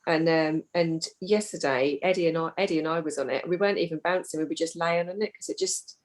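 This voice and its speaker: Brief: English mother sharing in a support group, chatty and candid, lowish voice. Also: a little fast. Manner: candid, chatty, restarts her sentences. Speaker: parent carer in a support group. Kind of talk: casual sharing in a group call.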